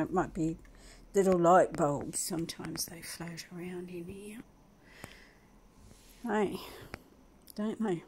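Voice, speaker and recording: A woman chats at home in an unhurried, rambling vlog and speaks very slowly. Her voice sits fairly low, and soft laughs slip into her talk. Faint household ambience hums underneath. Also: a little hiss or hum. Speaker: vlogger. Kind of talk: casual home vlog, talking to her dog. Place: at home indoors.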